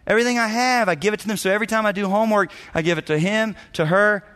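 A man, a senior pastor, giving a teaching talk to church leaders and telling stories with lively acted-out dialogue. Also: high voice, very fast, clean tone. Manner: animated storyteller, acts out dialogue, chuckles often.

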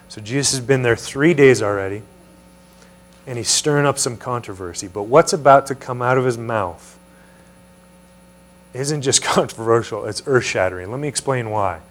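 Guy preaching a chatty teaching sermon, asks the room stuff, hum in the background. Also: medium pitch. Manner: conversational, asks the room questions. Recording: mains hum behind voice.

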